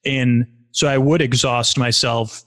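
Man, forties, podcast guest, rambling, candid, casual storytelling, mid pitch. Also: fairly even intonation, a little slow, fairly bright tone. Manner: rambling and candid, many restarts and fillers.

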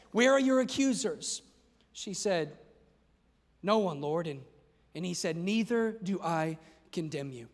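High-voiced man preaching in an echoing church. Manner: impassioned preaching that rises to shouts. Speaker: pastor. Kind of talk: sermon. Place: large church hall. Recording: long reverb of a large church hall.

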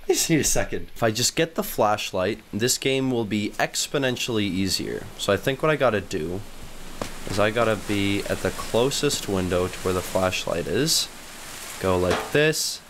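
A young man giving excitable let's-play commentary, jumping into high squeals when startled or thrilled. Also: moderate pace, slight background noise. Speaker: gaming YouTuber.

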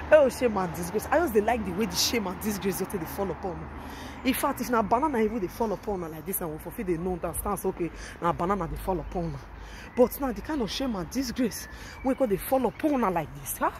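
A woman's voice: medium pitch, fast. A woman with a Nigerian Pidgin English accent, vlogging while she walks outdoors, mocking and taunting the people she talks about. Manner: taunting, mocking and repetitive, shifting between calm and loud. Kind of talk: outdoor gossip vlog. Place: outdoors on a road. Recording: noisy outdoor phone recording.

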